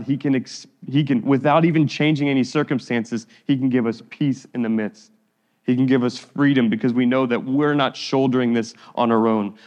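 A man preaching a sermon as pastor, earnest and pleading, reading scripture slowly. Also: mid-range voice, a little mellow. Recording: long reverb of a hall.

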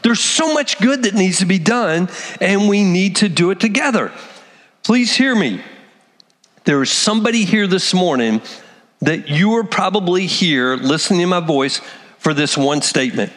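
A man's voice: sits high, lively intonation, normal speed, fairly bright tone. A pastor preaching an earnest, emphatic sermon to his church on a Sunday morning. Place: church sanctuary. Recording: long church reverb.

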